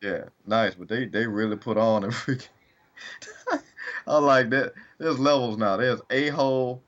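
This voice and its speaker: A man's voice: mid-range voice, measured pace, a bit bright. A man co-hosting a podcast, laid-back and rambling in casual chat. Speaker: podcast co-host. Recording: dull lo-fi mic.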